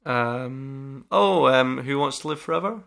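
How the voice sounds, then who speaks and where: Gravelly, bright man, giggly. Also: mid-range voice, a little slow. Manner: giggly, playful banter. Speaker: podcast co-host. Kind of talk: casual podcast chat.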